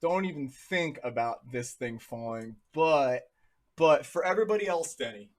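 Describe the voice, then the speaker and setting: A man's voice: fairly high pitch, expressive, moderate pace. A man in his thirties from New Jersey, casually talking through charts on a live stream in a chatty, jokey way. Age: 30s. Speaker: crypto livestream host.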